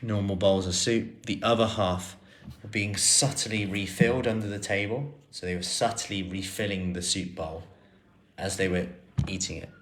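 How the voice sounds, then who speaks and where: Guy, pretty low voice, rambly trainer answering live questions, lots of um and like. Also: normal speed. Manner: relaxed, chatty, lots of fillers and restarts. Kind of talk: live Q&A stream.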